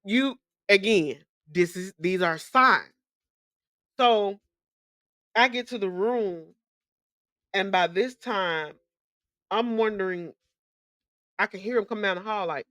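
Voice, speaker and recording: A young woman recounts her own experience as a podcast host, in a candid, emphatic way that loops back on words. Her speech is slangy and casual, her pitch sits mid-range for a woman, and the recording is close and dry with no room sound. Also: slow pace, long pauses, fairly bright tone, no echo. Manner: candid and emphatic, with frequent repetitions. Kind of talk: personal storytelling.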